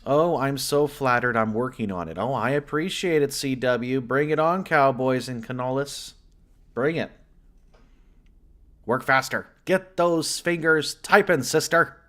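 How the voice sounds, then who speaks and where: A man's voice: medium pitch, measured pace, a bit bright. A man from the US West Coast, chatting casually as a livestream host, rambling and greeting viewers by name. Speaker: livestream host and horror story narrator.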